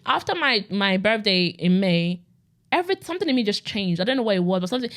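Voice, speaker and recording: A young adult woman telling her personal faith testimony in a casual, conversational way, full of "like" and repeated phrases. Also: medium pitch. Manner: rapid, conversational, with frequent "like" and repetition. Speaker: podcast host sharing her testimony.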